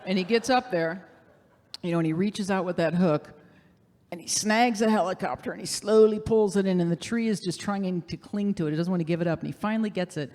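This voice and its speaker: A woman's voice: on the low side, darkish tone. A middle-aged woman telling a humorous personal story on stage, self-deprecating and chatty with many fillers. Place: showcase stage. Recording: long hall reverb.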